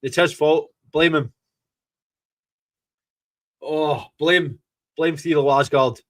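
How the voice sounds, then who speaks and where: A Scottish man hosting a fan podcast, reacting live to a football match in an excitable, gloating way and swearing freely. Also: on the high side, very slow.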